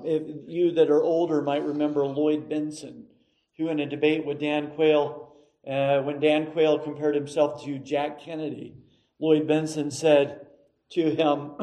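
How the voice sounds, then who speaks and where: Emphatic man preaching slowly. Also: on the high side, darkish tone, rough recording. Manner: emphatic, measured preaching with dramatic pauses. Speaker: pastor. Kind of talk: sermon.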